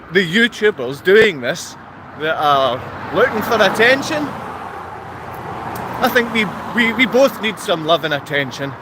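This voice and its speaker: A Scottish man with a Glaswegian accent, rambling to his viewers on a walk-and-talk vlog, chatty and quick to laugh. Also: sits high. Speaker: vlogger. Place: outdoors on a town street with traffic. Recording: street traffic noise behind.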